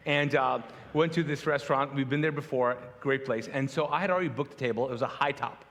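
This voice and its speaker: A man's voice: medium pitch, fast talker, in a large hall. A middle-aged male pastor from Pakistan preaching a conversational sermon, telling stories with humor and acting out what people said. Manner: animated storyteller, acts out quotes, self-deprecating humor. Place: large church hall.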